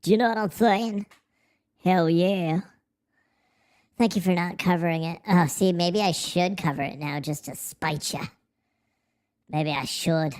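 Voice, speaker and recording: Profane sarcastic streamer, voice-changed. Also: male voice, high-pitched, clean tone. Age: adult, married. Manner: profane, sarcastic, rambling rants. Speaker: livestream host. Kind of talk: casual livestream chat.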